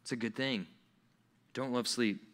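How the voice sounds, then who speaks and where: A man giving a lively, joking sermon to young people, acting out little scenes. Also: medium pitch, a little slow.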